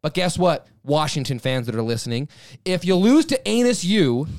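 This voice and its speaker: A man's voice: on the high side, sing-song, normal speed, a little mellow, dry recording, studio quality. A man co-hosting a casual sports talk show, ranting heatedly and emphatically about his team. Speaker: podcast co-host.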